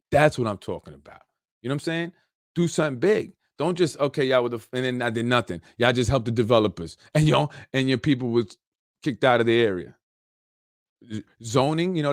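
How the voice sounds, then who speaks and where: A man's voice: medium pitch, no room sound, studio quality. A man hosting a political talk show, ranting loosely with sarcastic asides and a lot of "you know". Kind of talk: unscripted political rant. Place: Yonkers, New York.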